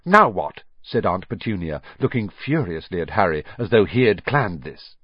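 A man narrating an audiobook with expressive, lively storytelling. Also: deep voice, moderate pace, husky, no echo, dull audio.

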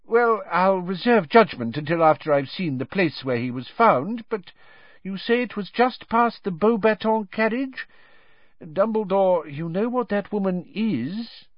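A man's voice: high voice, lively intonation, a little slow, no echo, muffled recording, pitched above the performer's own voice. A man voicing a pompous, flustered middle-aged male government minister who blusters emphatically. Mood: blustering.

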